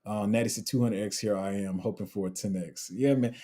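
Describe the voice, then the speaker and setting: Young guy doing a live q&a, slangy and chatty, kinda dark mellow tone. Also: on the low side, fairly even intonation, a little fast. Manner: chatty, slangy, trails off and restarts while multitasking. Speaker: crypto livestream host. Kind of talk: casual live Q&A, reading chat.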